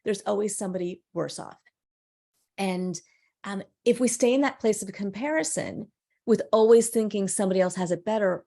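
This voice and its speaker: A middle-aged woman guest with a gravelly, creaky voice, chatting on a podcast at a mid pitch. She tells stories with real energy and acts out the dialogue she quotes. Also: a little mellow. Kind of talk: casual podcast conversation.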